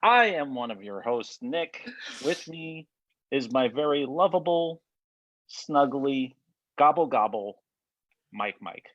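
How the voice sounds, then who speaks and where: A man co-hosting a casual podcast, teasing his friend in a deadpan way, with a slight lisp from a bitten tongue. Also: mid-range voice, slow pace, dry recording, muffled recording. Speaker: podcast co-host. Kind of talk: casual joking chat.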